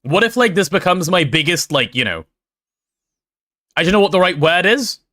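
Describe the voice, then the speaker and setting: A man's voice: high voice, very animated, normal speed, bright, forceful tone. A young man with a posh London accent chatting casually on a live stream, reading chat aloud and hamming up mock drama. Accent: London English. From England.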